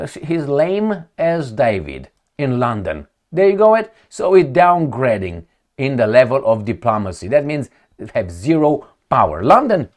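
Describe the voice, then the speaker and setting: Guy ranting over news headlines, sarcastic, voice jumps all over the place. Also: mid-range voice. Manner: mocking and emphatic, repeats words for effect. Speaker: political commentator. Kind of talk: opinionated commentary, reading headlines aloud.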